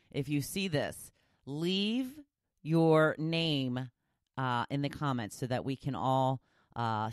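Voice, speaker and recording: A woman's voice: low voice, fairly bright tone, dry recording, studio quality. A woman hosting a daily talk podcast, chatting casually and poking fun at herself. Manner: chatty, self-deprecating, rambling with restarts. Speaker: talk show host.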